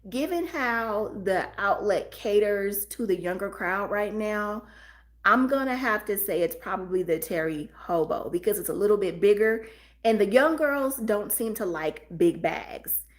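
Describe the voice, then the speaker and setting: A woman's voice: medium pitch, expressive, unhurried. Lady chatting on a live haul stream, middle-aged, talks right to her viewers. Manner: chatty, talks straight to viewers, reads comments aloud. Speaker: livestream host. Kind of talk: casual live chat haul.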